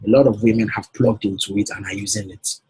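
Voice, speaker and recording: A man's voice: fairly low pitch, steady tone, fast talker, mellow, husky, no room sound, rough recording. A man coaching a client on a call, persuasive and often checking that she follows. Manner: persuasive, repeats himself, checks for understanding. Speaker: business coach.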